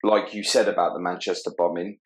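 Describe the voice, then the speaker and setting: A male podcast host with a low, even voice asks careful, probing questions. He pauses on the odd filler as he shapes each question. The sound carries a noticeable roomy echo. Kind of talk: interview questions.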